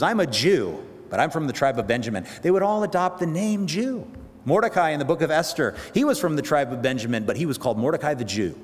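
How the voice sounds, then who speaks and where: Guy preaching a bible story, animated, lots of "and, and", big echoey hall. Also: medium pitch. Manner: animated storytelling, rising loud at dramatic moments, halting repeats. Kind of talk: sermon retelling a Bible story. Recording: long hall reverb.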